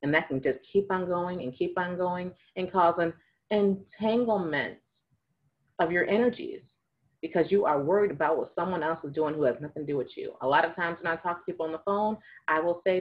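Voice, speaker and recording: Low-voiced woman giving chatty spiritual advice. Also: a little fast, highs cut off. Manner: chatty, laughs often, acts out little dialogues. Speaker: spiritual advisor. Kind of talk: casual spiritual advice monologue.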